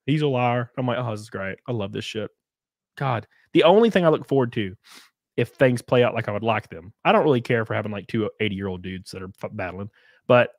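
A man's voice: mid-range voice, no echo, studio quality. A man chatting casually on a podcast, telling blunt, crude stories. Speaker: podcast host.

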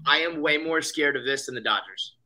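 A man co-hosting a podcast, chatting casually about baseball in a rambling, profane, excitable way. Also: fairly high pitch, fairly quick. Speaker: podcast co-host. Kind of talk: casual sports chat.

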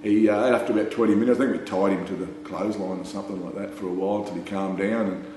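With an Australian accent, a man tells a casual anecdote, rambling with fillers like "you know" and "mate" and breaking into laughter. His lowish, slightly mellow voice moves quickly with fairly even intonation. The room is very echoey with a faint hum.

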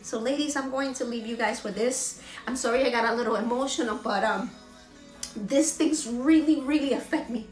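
A woman's voice: a little high, normal speed, music in the background. Earnest woman preaching in an echoey room. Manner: earnest, preachy, repeats phrases for emphasis. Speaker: motivational speaker and vlogger. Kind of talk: emotional motivational talk.

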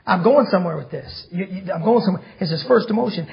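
A man's voice: high voice, animated, creaky. Male preacher, fiery sermon, dull lo-fi recording. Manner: reads scripture slowly, then rants and grows loud. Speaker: pastor. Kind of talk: fiery sermon with scripture reading.

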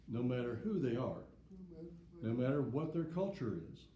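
A man from the South, giving a plain, deliberate devotional talk with short stories. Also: medium pitch, expressive, warm tone, lo-fi sound. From Southern United States. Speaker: preacher. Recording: echoey room.

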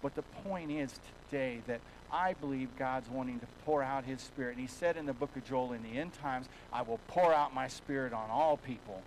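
A man preaching a sermon as a pastor in a church, telling a folksy story and swinging between hushed and loud passages. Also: mid-range voice, normal speed, few pauses, a little hiss or hum, rough recording.

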